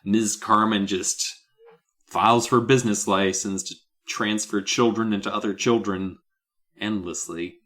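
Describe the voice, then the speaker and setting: A man co-hosting a comedy podcast, recapping a children's book and acting out its characters in squeaky voices while swearing casually. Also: steady tone, unhurried, fairly bright tone. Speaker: podcast co-host.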